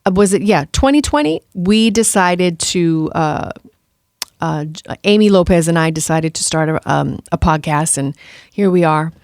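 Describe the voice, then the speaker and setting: A woman's voice: fairly low pitch, moderate pace, no room sound. A middle-aged woman from Los Angeles, a radio broadcaster, telling a story in casual conversation and acting out the voices of the people in it. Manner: lively storyteller, acts out quoted dialogue.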